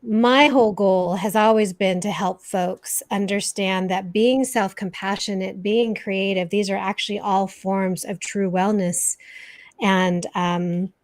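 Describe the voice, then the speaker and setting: Lady host musing out loud, repeats herself for emphasis, dry sound. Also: medium pitch, steady tone, measured pace, no room sound. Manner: reflective, repeats words for emphasis. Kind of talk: casual chat.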